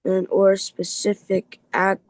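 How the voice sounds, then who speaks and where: Man, student reader, halting, stumbles over hard words, very slow, dry sound. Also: high-pitched, monotone, no echo, rough recording. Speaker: student reading aloud in a Bible class. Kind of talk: halting reading aloud. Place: church Bible class.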